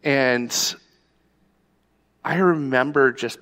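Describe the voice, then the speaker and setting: A man's voice: medium pitch, animated, moderate pace, gravelly, a bit bright, in a large hall. A male pastor preaching a sermon, telling a personal story in a conversational storytelling way.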